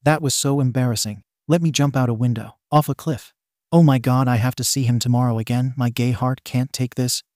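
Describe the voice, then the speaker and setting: A man's voice: mid-range voice, fairly even intonation, a little fast, a little mellow, no echo, clean studio sound, natural voice. A man voicing a shy, nervous teenage boy who stammers and rambles in a fan-fiction reading. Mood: embarrassed.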